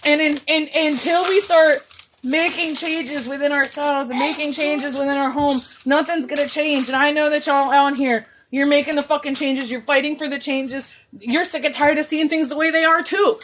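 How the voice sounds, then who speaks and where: A woman hosting a live stream from home, ranting with emphatic, profane force and swinging between loud and hushed talk. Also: sits high, steady tone, normal speed, background noise. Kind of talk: impassioned live rant.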